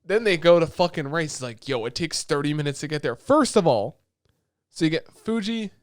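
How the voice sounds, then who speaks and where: Brief: male podcast co-host, slightly high voice, rapid animated retelling, dry close mic. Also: no echo. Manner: excited retelling of scenes, lots of swearing. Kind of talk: casual chat.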